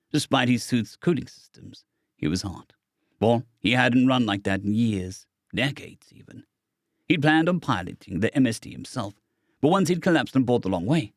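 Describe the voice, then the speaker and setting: A man's voice: medium pitch, dry recording. Man narrating an audiobook, dry and close.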